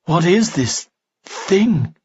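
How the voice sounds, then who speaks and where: A man voicing an alarmed female elf in an audiobook, raising his voice high. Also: moderate pace, husky, dry recording, natural voice. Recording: dull lo-fi audio.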